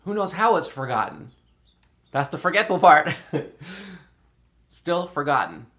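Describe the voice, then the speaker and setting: A man's voice: a little high, sing-song, slow, fairly bright tone. A man talking casually and rambling at home, repeating himself and laughing often. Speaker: podcast host. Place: indoors in a house.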